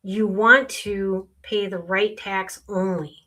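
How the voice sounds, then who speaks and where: Brief: middle-aged woman, tax consultant guest, earnest explainer, medium pitch. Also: steady tone, slow, pushed and bright. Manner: explains earnestly with client stories. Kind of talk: podcast conversation.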